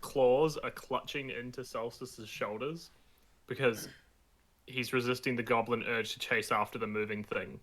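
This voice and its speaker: A man's voice: mid-range voice, fairly even intonation, measured pace, a bit bright. A man playing a tabletop game, casual and wry as he describes his character. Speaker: player.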